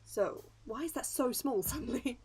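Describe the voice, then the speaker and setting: A woman's voice: on the high side, animated, normal speed, background noise. A woman streamer joking and reading game dialogue aloud in casual commentary, with game music behind.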